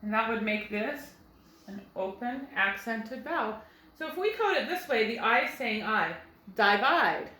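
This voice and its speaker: A woman teacher leads a phonics lesson for first graders. Her voice is bright and a little high, and she moves slowly and patiently through each sound. The recording has a noticeably echoey room. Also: animated. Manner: slow, patient, sounding words out.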